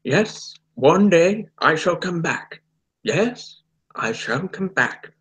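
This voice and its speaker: A grave old time traveller, put on by a man makes a solemn parting promise, slow and measured. The voice sits higher than the man's own and stays soft. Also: lively intonation, breathy edge, exaggerated voice. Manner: slow, solemn, drawn out, with a "hmm". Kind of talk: playful impression on a livestream.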